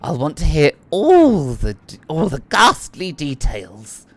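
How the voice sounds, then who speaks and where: A woman voicing a flirtatious aristocratic lady in a tabletop game, with a teasing, drawn-out manner. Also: sits low, wildly swooping pitch, heavily acted.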